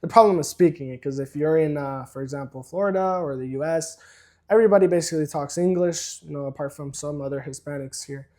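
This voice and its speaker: A young man and student, guest on a podcast, speaking in a measured, thoughtful way with small hesitations. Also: on the high side, a little mellow. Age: young adult. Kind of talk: casual chat.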